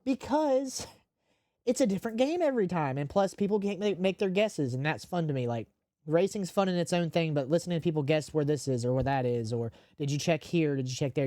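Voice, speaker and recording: A man hosting a gaming podcast, speaking candidly and emotionally, with deadpan jokes. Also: fairly high pitch, no room sound, studio quality. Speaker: podcast host and live streamer. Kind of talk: casual podcast chat.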